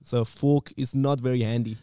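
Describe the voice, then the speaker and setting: An easygoing man on a podcast who talks in halting bits and often restarts mid-thought. His voice sits at a middle pitch. The close mic leaves the sound dry. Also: fairly even intonation, dark tone, clean tone, dry recording. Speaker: podcast co-host. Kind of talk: casual chat.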